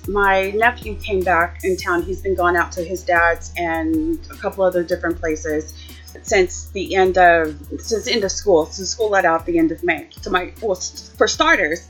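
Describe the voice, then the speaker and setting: A woman vlogger telling a family story in a casual, chatty, animated way. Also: fairly low pitch, slightly rough. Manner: chatty, animated, jumps back and forth. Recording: dull lo-fi recording.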